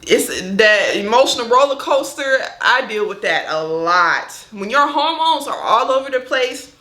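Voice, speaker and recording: A woman's voice: on the high side, very animated, unhurried, pushed and bright, roomy sound. A young adult woman talking frankly and chattily to her viewers in a personal vlog. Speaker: vlogger.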